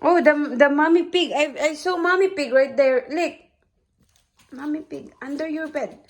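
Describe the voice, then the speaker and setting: A woman's voice: high-pitched, moderate pace. A mother reading a picture book aloud to her toddler, playful and repetitive, often stopping to ask the child about animal sounds.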